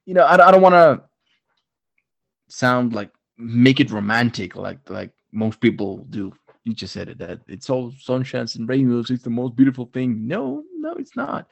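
Young man, husky voice, dry close sound, swearing, animated casual chat. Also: mid-range voice, normal speed, no echo. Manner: profane, animated storytelling with laughter. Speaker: podcast co-host, father of a baby daughter.

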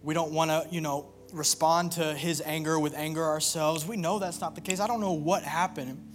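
A young man preaching and telling a personal story in an earnest, confessional way, often halting and restarting. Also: a little high, steady tone, a little hiss or hum. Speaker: worship pastor.

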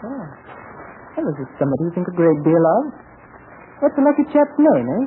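An actor playing a young American adventurer who puts on a British accent, jaunty and teasing, in a 1940s radio serial. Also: male voice, sits high, big pitch swings, fairly quick. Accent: put-on British. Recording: scratchy 1940s radio broadcast, narrow band, hiss.

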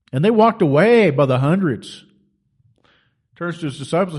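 A man's voice: fairly high pitch, expressive, a little fast, darkish tone, slightly rough. A man preaching a sermon in an emphatic, colloquial storytelling manner.

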